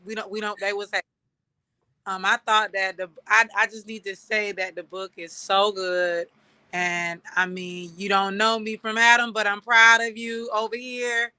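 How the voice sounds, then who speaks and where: A woman moderating a casual panel, speaking encouragingly with many fillers and pauses. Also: mid-range voice, level tone, clean tone, no room sound. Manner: warm, encouraging, halting with fillers.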